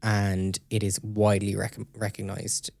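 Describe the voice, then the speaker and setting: A man co-hosting a podcast, calmly talking through research findings in casual chat and checking in with his listener. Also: lowish voice, unhurried, vocal fry, no room sound. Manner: explains steadily, checks in with "okay?". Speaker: podcast co-host presenting research.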